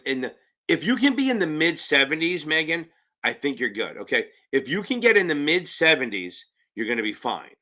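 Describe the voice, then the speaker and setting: A man's voice: a little high, pushed and bright. Blunt, swearing man tutoring on a live stream. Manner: blunt, rambling, swears casually. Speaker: exam prep tutor.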